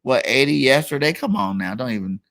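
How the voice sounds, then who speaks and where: A man's voice: medium pitch, animated, fairly quick, a bit bright. A man hosting a casual football talk stream, hyped and playful, reading chat comments and debating a rival fan. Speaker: show host. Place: online live stream.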